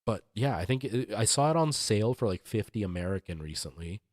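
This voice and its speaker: A man streamer in relaxed casual chat, walking his viewers through mixer settings at length. His voice sits a little low and sounds dry and close on the mic. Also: a little fast, no room sound. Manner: rambling, explaining audio gear to chat. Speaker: livestream host.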